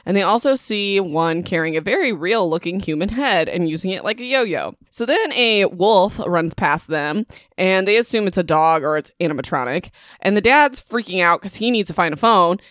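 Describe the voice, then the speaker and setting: A woman's voice: medium pitch, expressive, normal speed, fairly bright tone, dry recording, studio quality. Chatty woman recapping a book. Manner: chatty, lots of fillers and asides. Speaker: podcast host.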